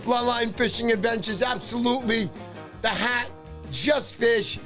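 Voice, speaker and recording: A man hosting a fishing livestream, talking fast and excitedly, shouting cheers and pitching memberships. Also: over music. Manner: loud, hyped, shouting cheers. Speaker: livestream host. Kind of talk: excited casual livestream chat.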